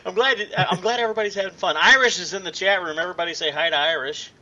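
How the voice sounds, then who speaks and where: A man's voice: high voice, rapid-fire, bright, forceful tone, muffled recording. A man hosting and engineering a podcast, joking and laughing in casual chat.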